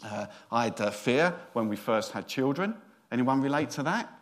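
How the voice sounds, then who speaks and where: A man's voice: medium pitch, expressive, normal speed, a bit bright. A middle-aged man, a senior minister giving a sermon in a chatty, joking storytelling way.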